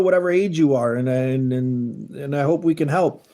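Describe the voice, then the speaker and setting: A man's voice: medium pitch, moderate pace, warm tone. A man hosting a casual livestream, talking earnestly and rambling as he reads and answers chat messages. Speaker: livestream host. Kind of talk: casual live-stream chat.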